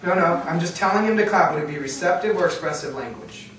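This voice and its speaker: Guy running a training session, keeps quizzing the room, voice kinda high, really echoey and far off. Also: expressive, fast talker, fairly bright tone. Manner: quizzing the audience, checking for understanding. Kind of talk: training workshop lecture.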